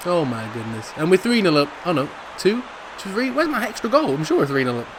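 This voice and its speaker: A middle-aged man with a Jamaican accent, giving excitable, laughing commentary over a football video game. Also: sits high, noisy background. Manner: excitable, laughs often, drawn-out shouts over goals. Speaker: gaming commentator. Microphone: studio microphone.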